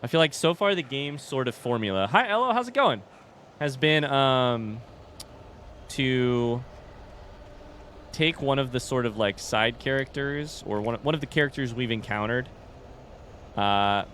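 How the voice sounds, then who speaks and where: A man's voice: mid-range voice, measured pace, pauses often, fairly bright tone, a little hiss or hum. A young man casually commenting on a game he is playing live, chatting with viewers, reading their messages aloud and swearing now and then. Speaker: streamer. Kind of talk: casual let's-play commentary.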